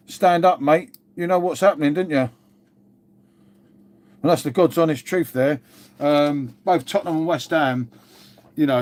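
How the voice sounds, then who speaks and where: A man's voice: on the high side, a little mellow. A man chatting casually on a live stream, rambling and laid-back, swearing freely and calling everyone mate. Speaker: livestreamer answering chat.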